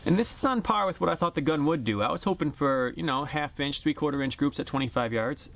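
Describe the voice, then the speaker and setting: A man's voice: fairly high pitch, lively intonation, fast talker, gravelly, fairly bright tone. A man giving a casual, joking review at an outdoor shooting range. He speaks plainly, recorded on a directional mic mounted on the camera. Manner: chatty and joking, plain-spoken. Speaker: airgun reviewer. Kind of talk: casual product review vlog. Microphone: camera-mounted directional shotgun mic.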